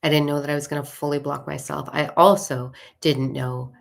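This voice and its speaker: Low-voiced woman telling a story. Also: brisk, gravelly, few pauses. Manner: animated, acts out quoted voices, swears freely. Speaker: spiritual author and coach. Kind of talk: casual storytelling monologue.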